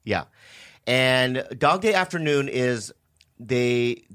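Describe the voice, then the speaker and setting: A man's voice: mid-range voice, expressive, slow, a bit bright, smooth. A man co-hosting a podcast in casual, profane, joking chat, often trailing off mid-sentence. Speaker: podcast co-host.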